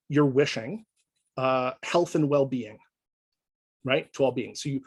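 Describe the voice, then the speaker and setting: A man lecturing in a relaxed, conversational way, often checking in with his listeners as he explains. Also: mid-range voice, slightly rough, dry recording, low-quality recording. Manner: conversational, checks in with frequent "right?". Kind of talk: informal lecture.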